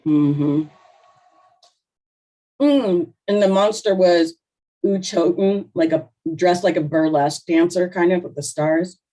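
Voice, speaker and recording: Woman co-host for a casual podcast chat, slow and easygoing, slightly low pitch. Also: mellow, low-quality recording. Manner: chatty, heavy use of "like", eating cookies while talking.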